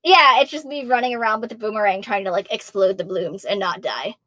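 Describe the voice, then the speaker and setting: A woman in her thirties from Massachusetts, a voice actor answering fan questions in a bubbly, self-deprecating way, with a high-pitched voice that is going hoarse from so much talking. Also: fairly quick, pushed and bright, no room sound. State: losing her voice. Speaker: voice actor guest. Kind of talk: casual Q&A answers.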